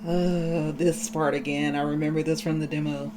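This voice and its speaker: A woman's voice: sits low, little pitch movement, moderate pace, hardly any pauses. A woman hosting a horror game playthrough, reading the text aloud and reacting with shocked exclamations and nervous laughs. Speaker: gaming channel host. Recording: game playthrough with music behind.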